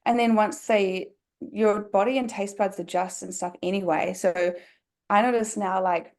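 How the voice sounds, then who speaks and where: A woman's voice: medium pitch, steady tone, normal speed, darkish tone. A young woman from New Zealand with a New Zealand accent, a podcast guest talking casually and filling her sentences with "like". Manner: chatty, many "like" fillers.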